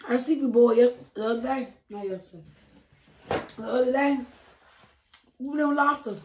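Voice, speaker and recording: A woman from Alabama with a Southern accent, hoarse and deep-voiced, chatting casually to viewers as the host of an eating show. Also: moderate pace, slight background noise. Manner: chatty and affectionate, says y'all. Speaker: mukbang host.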